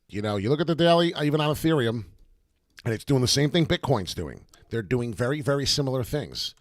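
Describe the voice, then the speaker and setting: A man hosting excited crypto chart commentary, repeating himself and dropping rhyming asides. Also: mid-range voice, no room sound, studio quality. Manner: animated, repetitive, rhyming asides. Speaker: crypto chart analyst host.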